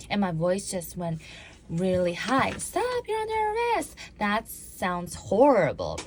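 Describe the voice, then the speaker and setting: A woman's voice: fairly low pitch, slight background noise. A woman who once worked in law enforcement gives a talk on body language, acting out examples and leading the audience through drills. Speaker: public speaker on body language; former law enforcement officer.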